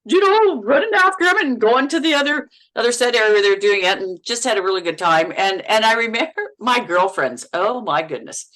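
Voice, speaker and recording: A middle-aged woman from Canada, an actress and podcast guest, telling on-set stories in a lively, laughing way, often repeating words as she goes. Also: on the high side, fairly quick, few pauses, rough recording. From Canada, Manitoba. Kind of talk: casual interview chat.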